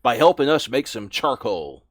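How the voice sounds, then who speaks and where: Gruff bullying orc camp guard, put on by a male game master, loud and sneering, dry close sound. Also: mid-range voice, sing-song, moderate pace, no echo. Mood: scornful. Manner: loud, scornful, barking insults.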